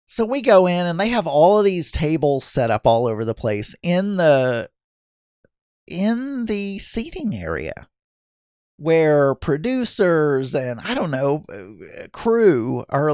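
A man's voice: mid-range voice, a little mellow, dry recording, clean studio sound. A man casually telling a rambling story, with many restarts and asides.

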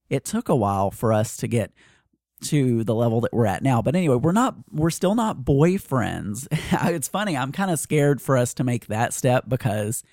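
Man, podcast host, rambling monologue, hesitant, self-deprecating, mid-pitched voice, dry recording. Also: warm tone, dry recording. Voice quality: hesitant, full of fillers and restarts.

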